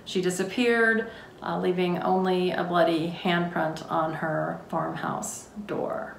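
Woman author, earnest, reflective, lower voice, roomy room, faint background hiss. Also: fairly bright tone. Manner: earnest, reflective, with filler words. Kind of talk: author talk before a reading.

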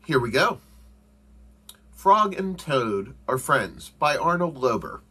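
A male teacher reading a storybook aloud for children, with expressive, animated delivery. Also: medium pitch, slow pace, husky.

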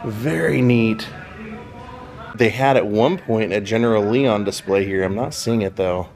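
A man's voice: lowish voice, unhurried, a little mellow, faint music behind. Chatty man touring a car museum. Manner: chatty, admiring, thinks aloud. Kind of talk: casual walking tour commentary.

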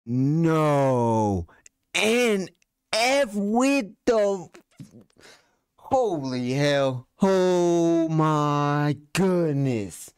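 Excitable reaction commentator, slow delivery, lively pitch. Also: clear, resonant tone, no echo, studio quality. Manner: excitable, exclamatory. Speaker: reaction video host.

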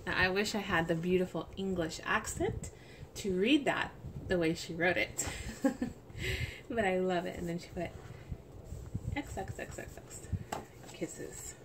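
A woman chatting casually as she unboxes a package, gushing and soft-spoken, at home. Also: on the low side, normal speed. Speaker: doll collector vlogger. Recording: steady background hiss.

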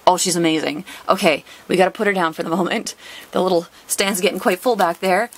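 A woman hosting a casual card-opening video. She is excitable, gushing over cards and gasping often. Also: fairly low pitch, brisk. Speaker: trading card collector and video host.

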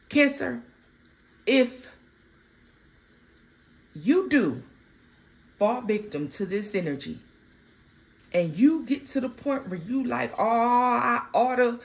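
A woman's voice: mid-range voice, takes it slowly, pauses often. Blunt, profane woman giving a tarot reading. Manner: blunt, profane, animated storytelling. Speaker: tarot reader. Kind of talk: casual spoken tarot reading.

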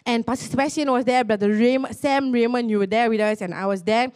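A young woman pastor tells a testimony in a sermon, earnestly, with many restarts and rising excitement. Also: fairly high pitch, brisk, smooth.

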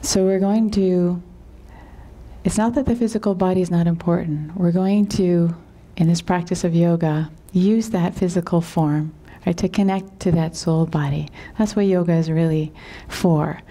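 Woman, yoga teacher, calm, unhurried, low voice, mellow, whispery at times. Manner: calm and unhurried, slips into a whisper, often asks "right?". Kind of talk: teaching with a told parable.

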